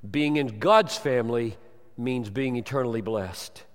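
A man preaching a sermon with fervent emphasis, swinging from loud declarations to hushed tones. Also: medium pitch, unhurried. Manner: impassioned preaching with sudden swings from loud to soft. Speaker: pastor. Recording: long hall reverb.

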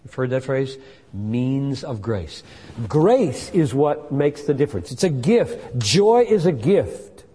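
An older man in his sixties preaches a sermon earnestly, lifting his voice high whenever he quotes scripture. His tone is mellow and dark, and a long reverb trails each phrase as if in a large auditorium. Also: expressive, slow pace. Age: 60s. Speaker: pastor.

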